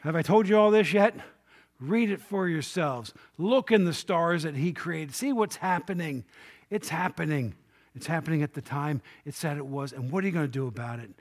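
A man's voice: a little high, a little fast. A male pastor preaching a conversational sermon in church, with asides and questions to the congregation.

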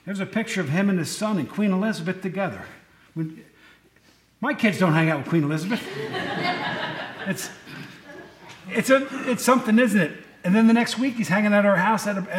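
A man's voice: sits high, roomy sound, slight background noise. A middle-aged man preaching a casual sermon, chatty and joking with the people in front of him. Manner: chatty, joking asides to the congregation. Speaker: pastor. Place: church.

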